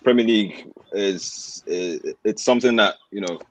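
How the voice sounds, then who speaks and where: A man with a low voice speaks on a remote podcast call. He talks in a steady way, listing points one after another. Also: moderate pace, low-quality recording. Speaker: podcast panelist. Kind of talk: casual football podcast chat.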